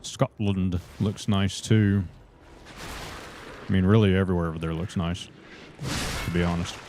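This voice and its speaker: Young Southern man, low voice, loose folksy live-stream game commentary. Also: fairly even intonation, moderate pace, darkish tone, a little hiss or hum. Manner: folksy, calls viewers brother. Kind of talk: casual live gaming commentary.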